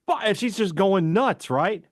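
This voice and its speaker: A man co-hosting a sports talk radio show, telling stories and giving takes in an animated, fast-bursting way. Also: on the high side, dry recording, clean studio sound. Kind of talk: casual sports talk chat.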